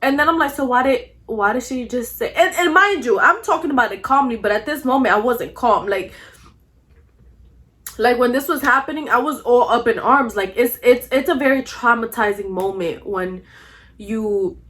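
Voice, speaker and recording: Speaking at a normal pace with a fairly high voice, the young vlogger recounts her story bluntly and energetically, cursing without restraint. Frequent coughs break up her phrases.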